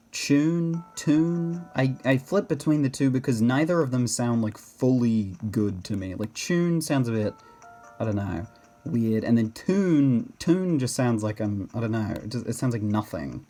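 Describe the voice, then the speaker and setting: A man's voice: medium pitch, lively intonation, moderate pace, dark tone, faint music behind. An Australian man chatting casually over gameplay, rambling and self-correcting with laughs. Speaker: gaming video host.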